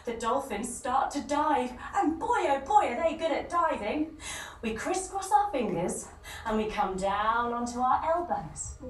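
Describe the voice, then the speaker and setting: A woman's voice: sits high, big pitch swings, unhurried. A woman leading a children's yoga story at a day camp, telling it playfully and leading chants and movements. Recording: echoey room, distant mic, background noise.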